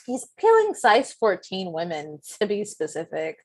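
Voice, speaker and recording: A woman co-hosting a podcast, chatting about a film in a giggly, expressive way with plenty of "like". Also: mid-range voice, normal speed, husky. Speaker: podcast co-host. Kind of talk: casual film-discussion chat.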